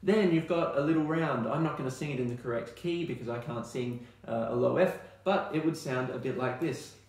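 An Australian man teaching music in a relaxed, chatty way, now and then singing scale notes to demonstrate. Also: mid-range voice, brisk, very echoey. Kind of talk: recorded online music lesson.

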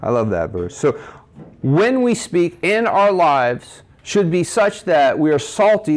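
A man delivers a sermon to a men's breakfast gathering in a cafe. His voice sits a little high and rises and falls with lively energy. He keeps asking his listeners questions and quoting scripture. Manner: preaching with rhetorical questions and scripture quotes. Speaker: speaker at a men's ministry breakfast.

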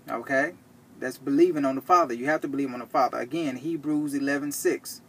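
A man teaching from the Bible, reading verses slowly and checking in with "okay?" after each point. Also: medium pitch, breathy edge. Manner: reads verses slowly and deliberately. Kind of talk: scripture teaching to camera.

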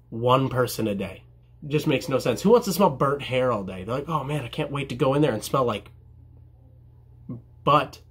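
A man's voice: on the high side, fairly bright tone, husky. A young man, a barber, answering viewer questions in a casual vlog, joking at his own expense and mimicking his customers. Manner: jokey, self-deprecating, mimics customers.

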